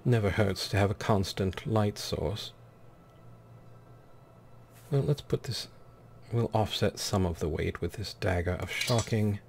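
A man's voice: lowish voice, measured pace, creaky, pauses often, darkish tone, slight background noise. A man hosting a let's play with commentary, speaking in an affected, pompous persona and calling the game characters darling and dear.

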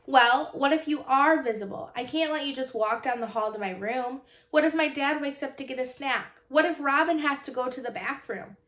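A woman's voice: high voice, normal speed, few pauses, a bit bright, pitched above the performer's own voice. A woman voicing an anxious young boy who talks in an urgent, jittery way. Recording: roomy echo.

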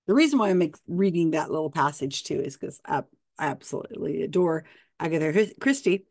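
A woman's voice: low voice, a little mellow, dry recording, clean studio sound. A woman host, explaining a story in a casual way and reading passages aloud with quoted dialogue. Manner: chatty, reads passages with quoted dialogue, frequent restarts.

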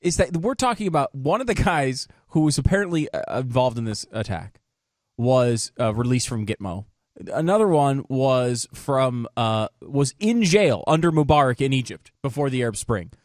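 A man's voice: mid-range voice, sing-song, moderate pace, dry recording, clean studio sound. A male radio co-host who teases the host and reads news items aloud. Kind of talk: political talk radio. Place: radio studio.

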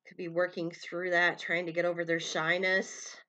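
Low, bright-toned woman reading tarot. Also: flat delivery, moderate pace. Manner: meandering, calls out names and initials as they come, frequent fillers. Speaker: tarot reader. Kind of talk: collective tarot love reading to viewers.

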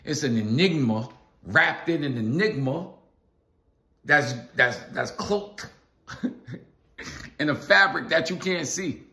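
Male vlogger, slightly high voice, emphatic and repetitive philosophical musing, echoey room. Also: animated, slow, pauses often, sharp tone. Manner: repetitive, emphatic, loose slang address. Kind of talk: casual philosophical monologue.

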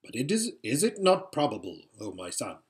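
A man voicing a shrewd old male emperor who speaks in a dry, measured, sardonic way. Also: medium pitch, huge pitch swings.

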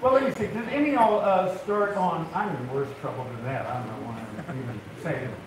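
Speaking fast in a voice on the high side, an older man who hosts a woodworking TV show tells funny stories to a live audience, folksy and getting worked up. It's a humorous talk in a large event hall, picked up from a distant mic with echo and crowd noise.

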